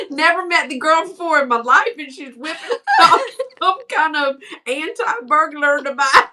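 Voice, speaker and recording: A woman, telling animated stories in a casual chat and acting out what people said, laughing often. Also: high voice, measured pace, far from the mic, a little hiss or hum. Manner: animated, laughing storyteller who acts out quotes. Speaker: guest, fellow reseller.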